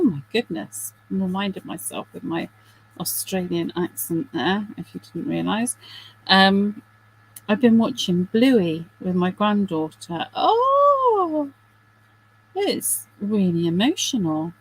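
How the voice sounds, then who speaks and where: A woman's voice: medium pitch, darkish tone, breathy edge, low-quality recording. A middle-aged woman hosting a craft video, chatting casually and self-deprecatingly while she works, with giggly asides.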